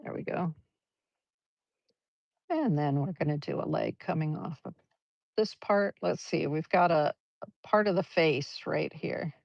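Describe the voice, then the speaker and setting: This is a woman giving a live painting lesson, her low voice carrying a gravelly edge. She chats and encourages as she explains every stroke. The livestream audio sounds dull and lo-fi, dry with no room echo. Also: measured pace, pauses often, darkish tone. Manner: chatty, encouraging, talks through each brushstroke. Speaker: art teacher.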